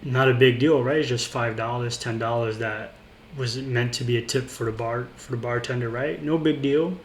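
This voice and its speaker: A man's voice: mid-range voice, fairly even intonation, normal speed. Man vlogger recounting a grievance, rambling and indignant; roomy sound with a faint background hum. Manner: rambling, indignant, with frequent restarts and fillers. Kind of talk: casual storytelling monologue.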